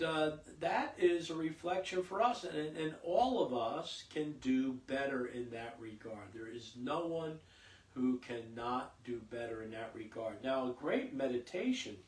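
A male priest of medium pitch reads scripture and preaches a homily during Mass, heard from afar in a reverberant church. His delivery is slow and halting, with lots of fillers and repeated words.

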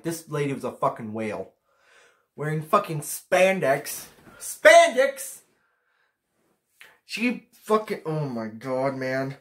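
A man's voice: on the high side, a bit bright. A teenage boy vlogging a casual rant to camera, ranking pet peeves in a profane, exasperated way. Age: teens.

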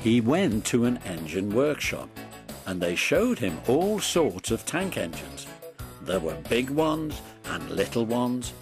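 A man narrating a children's story in a slow, animated reading. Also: medium pitch. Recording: dry close recording with soft music.

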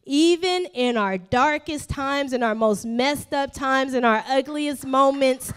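A woman pastor preaching a sermon, animated and humorous, repeating phrases for emphasis and acting out voices of people in the story. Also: sits high, measured pace, clean tone.

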